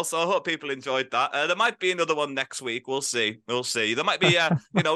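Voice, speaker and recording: A man's voice: fairly high pitch, sharp tone, no echo, clean studio sound. A man hosting a casual podcast, upbeat and rambling, often laughing. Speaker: podcast host.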